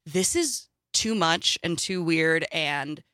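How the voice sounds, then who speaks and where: Woman, radio co-host, casual chat, lively pitch, close and dry. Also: takes it slowly, no room sound. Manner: animated, chatty.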